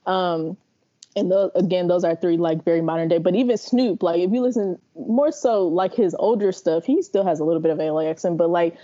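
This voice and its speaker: A woman from the Bay Area talks in long, animated runs with a low, warm voice, often laughing as she goes. She sounds like a podcast guest in casual chat. The audio is slightly muffled. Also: a little fast. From San Francisco Bay Area.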